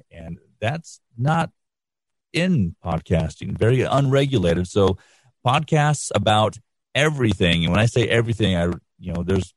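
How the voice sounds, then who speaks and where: A middle-aged man speaking as an interview guest, relaxed and explanatory, on a quality studio microphone. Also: low-pitched, no echo. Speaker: guest, radio instructor and podcast producer. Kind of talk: casual interview answers.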